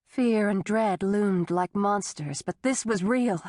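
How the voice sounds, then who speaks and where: A woman narrating an audiobook with steady, even delivery at a slow, deliberate pace. Her voice is medium in pitch and sits close and dry in a booth-like sound. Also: no room sound. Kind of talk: scripted narration.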